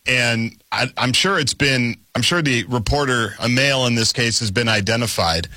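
A man's voice: medium pitch, normal speed, sharp tone, no echo. A man co-hosting a sports talk show in a casual, wry conversational way.

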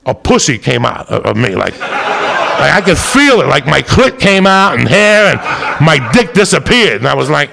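A middle-aged man telling a profane, rowdy stand-up story, loud and rambunctious, with a gravelly voice. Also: sing-song, normal speed, a crowd in the background. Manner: loud, profane, rambunctious, swings into high shouts. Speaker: stand-up comedian. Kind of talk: stand-up storytelling to a live audience.

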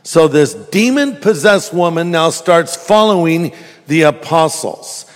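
A man preaching a sermon in church, telling stories in a jokey, animated way. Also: fairly high pitch, measured pace, big-room sound. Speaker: pastor.

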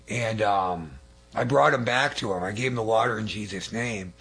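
Husky-voiced male lay preacher, earnest and rambling, telling testimonies. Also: lowish voice, fairly quick, a bit bright. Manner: earnest, rambling with restarts and asides. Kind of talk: testimony sermon.

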